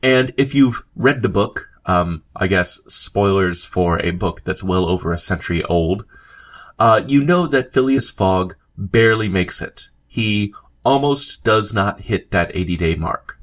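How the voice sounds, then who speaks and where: A man's voice: fairly low pitch, animated, measured pace. A man hosting a podcast, narrating a history episode in a conversational way, with asides and fillers. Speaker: podcast host. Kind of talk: scripted history narration with read quotes.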